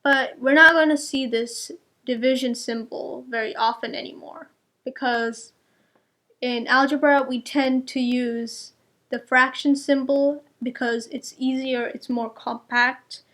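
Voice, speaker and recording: High-voiced, slow-paced woman teaching algebra. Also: steady tone, fairly bright tone. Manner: patient, walks through each step and checks answers. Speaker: math tutor. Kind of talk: explaining step by step to young students.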